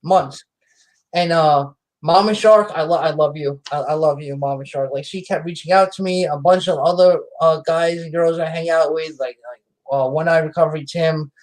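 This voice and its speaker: Man, podcast guest, slightly high voice, animated, self-deprecating, repetitive. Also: moderate pace, low-quality recording. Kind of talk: casual conversation.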